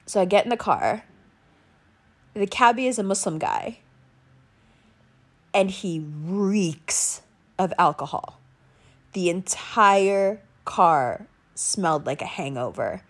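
Animated woman telling a travel story. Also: on the low side, takes it slowly, long pauses. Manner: animated, swearing, acts out quoted lines. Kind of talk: casual storytelling monologue.

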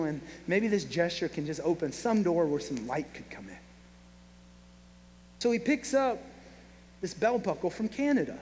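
A man preaching a sermon, telling a story with lively acted-out voices. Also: high voice. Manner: animated storyteller, acts out quoted voices. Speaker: pastor. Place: church hall. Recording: reverberant hall, faint hum.

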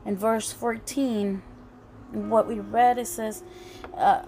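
A woman preaching a sermon in an earnest, halting way, often restarting her phrases. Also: fairly high pitch, steady tone, warm tone, a little hiss or hum. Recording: faint music behind.

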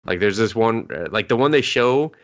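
Low-voiced guy rambling on a podcast. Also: animated, moderate pace, dull audio. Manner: rambling, swears freely, retells scenes with quoted lines. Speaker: podcast co-host. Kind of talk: casual chat recapping anime.

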